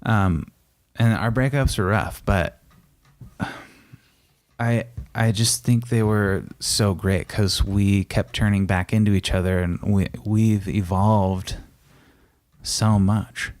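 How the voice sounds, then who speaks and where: Low-voiced male podcast co-host, earnest and calm, dry close recording. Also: takes it slowly, dry recording. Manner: earnest and reassuring, calm coaching tone. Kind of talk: casual couple's podcast chat.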